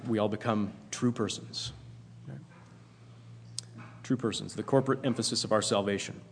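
A man's voice: fairly low pitch, slight background noise. A man preaching a sermon in an earnest, emphatic way, often repeating himself for emphasis. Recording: long hall reverb.

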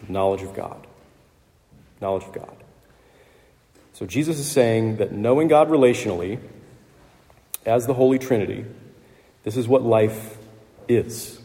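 A man's voice: mid-range voice, a little slow, pauses often, warm tone. A man preaching a sermon in a conversational way, with fillers and small laughs. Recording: long hall reverb.

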